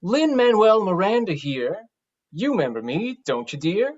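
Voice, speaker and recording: An actor doing a smooth celebrity who rhymes every line, slangy and breezy, mid-pitched voice, dull lo-fi sound, stage play. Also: sing-song, moderate pace. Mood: charming. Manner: talks in rhymes. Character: impression of a famous composer, rhyming street-style talk.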